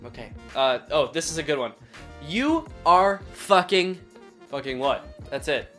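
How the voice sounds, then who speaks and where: A man's voice: mid-range voice, fairly quick, soft background music. Sarcastic young man hosting comedy videos. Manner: sarcastic, playful, deadpan asides. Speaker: comedy YouTuber host. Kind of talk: comedic sketch commentary.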